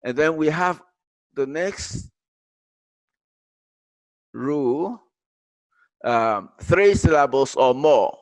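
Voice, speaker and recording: A man teaching an English grammar lesson, explaining in English mixed with Arabic, halting and repeating himself with many fillers. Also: a little high, expressive, no echo.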